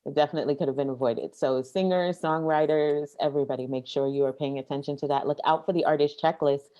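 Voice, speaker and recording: Low-voiced, playful Caribbean American woman. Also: fairly even intonation, fast, mellow, dull audio. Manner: playful, giving emphatic advice. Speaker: podcast co-host. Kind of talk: casual podcast chat.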